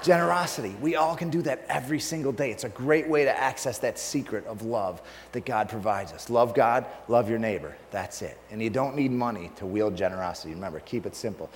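A man telling a funny story in a sermon, laughing often and speaking with animated energy as a preacher. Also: medium pitch, a little fast, few pauses, big-room sound.

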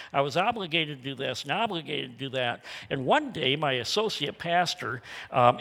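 An older man preaching a sermon as pastor, telling stories and pressing his points with emphasis that swings between loud and quiet. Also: fairly high pitch, in a large hall.

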